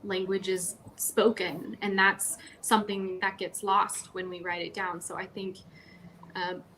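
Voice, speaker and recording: A woman chatting on a live writing stream, mid-pitched and unhurried as she works through her thoughts out loud. Her talk is casual and a little rambling, with faint room noise behind her. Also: level tone, rough recording. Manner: thinks aloud, musing and a little rambling. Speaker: writer co-host of a writing stream.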